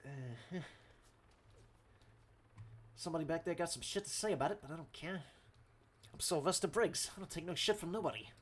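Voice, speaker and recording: A man's voice: a little high, fairly quick, pauses often, a little hiss or hum, lightly acted. A man voicing a boastful, swaggering tough-guy driver in a comedic game role-play, rambling and profane. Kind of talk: comedic role-play commentary over gameplay.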